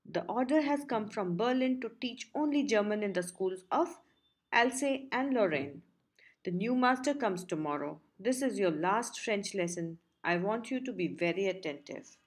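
A woman reading as a gentle old schoolmaster. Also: medium pitch, expressive, moderate pace, natural voice. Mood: solemn. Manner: grave and gentle. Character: grave, gentle older male village schoolteacher. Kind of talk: audiobook reading.

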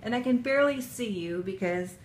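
A woman vlogging an unboxing at home, gushing and emotional, with drawn-out breathy exclamations. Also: on the high side, animated, noisy background. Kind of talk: casual unboxing vlog. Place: home kitchen counter. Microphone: camera on tripod.

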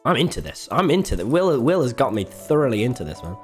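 An excitable young man talks to his stream audience while he plays. He swears freely and hops between the game and the chat, his voice leaping up and down across a lively, mid-height register. Soft music runs quietly underneath. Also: mid-range voice, fast talker.

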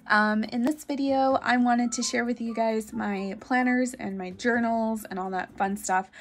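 A woman's voice: fairly high pitch, fairly even intonation, measured pace. A young woman vlogging casually from her bedroom, chatty and bubbly, with lots of "um"s and "like"s. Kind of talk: casual show-and-tell vlog.

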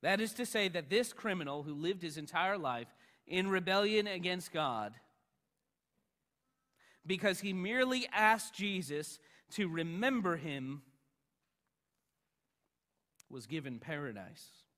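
A man pastor preaching a sermon, emphatic, rising loud on the lines he quotes. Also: high-pitched, expressive, measured pace, long pauses, long reverb tail.

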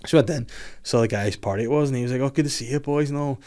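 A man's voice: medium pitch, fast talker, mellow. A young man telling a swearing, laughing anecdote in casual podcast chat. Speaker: podcast guest.

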